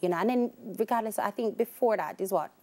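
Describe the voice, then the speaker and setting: Jamaican woman in her thirties, guest telling a personal story, mid pitch, drifts into patois. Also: fast talker, warm tone. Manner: shifts into patois when quoting herself, laughs easily.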